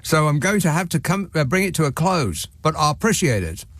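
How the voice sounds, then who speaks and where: A man's voice: on the high side, big pitch swings, fairly quick, a bit bright, no echo, studio quality. A man hosting a talk radio phone-in, wry and sardonic. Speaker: radio host. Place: radio studio.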